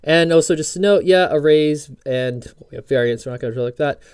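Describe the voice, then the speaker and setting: A man's voice: a little high, a little fast, a little mellow, clean tone, no room sound, studio quality. Rambling jokey man teaching code. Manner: rambling, self-interrupting, jokey asides while reading docs aloud. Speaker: programming course instructor. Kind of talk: casual screen-recorded tutorial.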